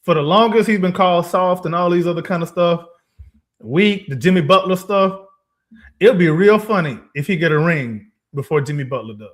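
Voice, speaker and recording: A male podcast co-host in casual sports chat, his voice sitting slightly higher than most men's. He argues with heat, piling up rhetorical questions and laughing often. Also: normal speed, fairly bright tone. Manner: emphatic, fired-up rhetorical questions with frequent laughs.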